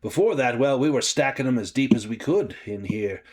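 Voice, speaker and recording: A folksy, easygoing graveyard keeper, voiced by a man running a tabletop game. He rambles along in a plain mid-pitched voice with rustic turns of phrase. There is a chuckle never far from his words. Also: lively intonation, normal speed, darkish tone, lightly acted. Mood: rambling.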